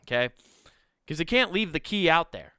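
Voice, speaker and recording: Profane ranting podcast man, bright crisp voice. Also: a little high, very animated, moderate pace, dry recording, studio quality. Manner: profane, exasperated rant. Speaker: podcast host. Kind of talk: casual solo storytelling.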